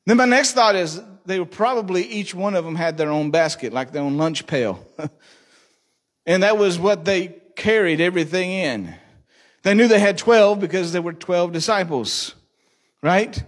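A man's voice: sits high, expressive, normal speed. A male pastor preaching a sermon, joking and asking the congregation questions. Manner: jokey, asks the congregation questions.

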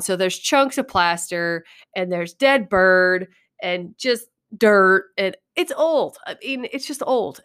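A woman's voice: lowish voice, clear, resonant tone. Laughing, swearing woman podcast host. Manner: laughing, swearing, animated storyteller. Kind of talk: casual storytelling chat.

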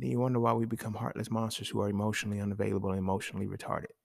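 A man's voice: fairly low pitch, monotone, racing, creaky, hardly any pauses, dry recording, clean studio sound. A man talking casually and emphatically, with profanity and speech, hosting a solo podcast. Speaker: podcast host.

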